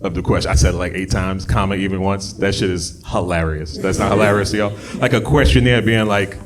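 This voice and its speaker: A man doing a stand-up comedy set on a club stage, jumping from low muttered asides to loud, high shouted bits. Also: steady tone, a little fast, heavy background noise. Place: comedy club stage before a live audience. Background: audience laughter.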